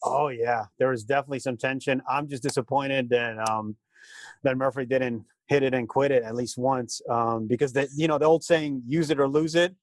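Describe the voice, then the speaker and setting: A man's voice: mid-range voice, fairly even intonation, normal speed, dry recording. Joking man in casual podcast chat. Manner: joking, crude humor, filler-heavy. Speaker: podcast co-host.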